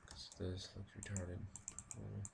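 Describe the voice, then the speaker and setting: Male gamer, low and gravelly, casual let's-play commentary, rambling and thinking aloud at his computer. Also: monotone, slow, noisy background. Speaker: gaming video creator.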